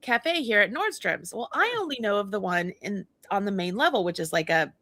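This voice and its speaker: A middle-aged woman co-hosting a casual chat show tells a story with lots of animation, acting out the dialogue and laughing often. Her voice is medium in pitch and a little fast.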